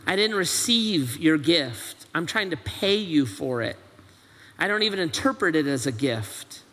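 A male pastor delivering a sermon with a high, forceful, bright voice. He hammers home his point with one rhetorical question after another. His words ring out with the long reverb of a large church hall. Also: expressive, measured pace. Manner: presses with repeated rhetorical questions.

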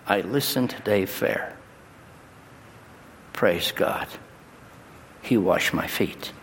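A male pastor delivering a sermon in a church, his voice jumping high and loud on key words. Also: drawn-out words, vocal fry, pauses often, slight background noise. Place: church sanctuary. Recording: long hall reverb, faint ambience.

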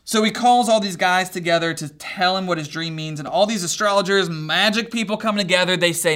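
Lively high-voiced male preacher. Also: brisk, few pauses. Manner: animated, conversational, often checks in with listeners. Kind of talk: casual sermon retelling a Bible story.

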